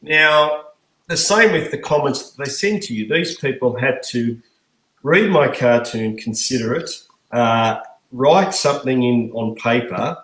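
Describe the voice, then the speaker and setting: Middle-aged male guest, mid-pitched, reflective storyteller. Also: a little slow, fairly bright tone, echoey room, poor audio. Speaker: guest cartoonist. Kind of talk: casual panel chat.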